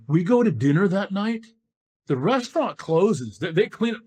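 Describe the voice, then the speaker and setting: Older male guest, animated storyteller, fairly high voice, swings in pitch. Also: normal speed. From California. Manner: animated storyteller, acts out quoted dialogue. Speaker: guest, former football player. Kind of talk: storytelling in a podcast interview.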